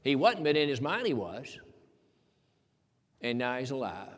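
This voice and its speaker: A man's voice: mid-range voice, big pitch swings, measured pace. A man preaching a sermon in a folksy, emphatic way, quoting scripture. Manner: folksy, emphatic preaching with King James quotes. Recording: long hall reverb.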